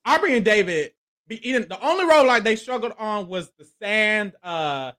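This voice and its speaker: This is an expressive co-host whose pitch swings all over the place as the stories unfold. The tone is bright and forward, with frequent laughter. The talk is loose, slangy and profane, delivered as a casual recap. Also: normal speed. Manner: animated and playful, laughing often, acting out quotes. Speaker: podcast co-host. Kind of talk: casual reality-show recap chat.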